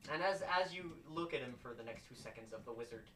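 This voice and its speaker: A man's voice: medium pitch, expressive, fast, pushed and bright. Game master, man, rambling narration, far from the mic, faint hiss. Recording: roomy, distant home mic with faint noise.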